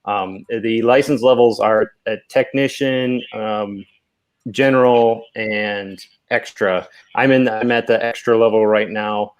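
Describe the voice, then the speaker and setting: A man's voice: lowish voice, fairly even intonation, slow. A man chatting casually as a guest, explaining radio with many fillers and restarts. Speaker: guest ham radio expert. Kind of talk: casual panel chat.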